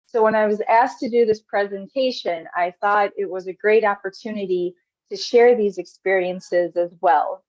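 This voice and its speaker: A woman's voice: mid-range voice, normal speed, darkish tone, no echo, highs cut off. A woman from the United States with a Southern American accent, giving a friendly, explanatory slide presentation as a volunteer presenter.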